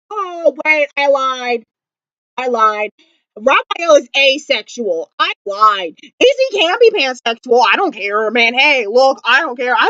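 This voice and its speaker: Bubbly high-voiced woman gushing to camera. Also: fairly bright tone, dry recording, dull audio. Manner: gushing, dramatic, lots of "like" and fillers. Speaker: vlogger reviewing a TV episode. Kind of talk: excited fan review chat. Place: indoors at home.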